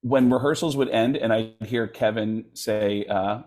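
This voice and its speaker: A middle-aged man, a comedian guest in an interview, telling stories with lively energy and acting out the voices of people in them. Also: on the low side, measured pace, slight background noise. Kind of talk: animated storytelling in an interview.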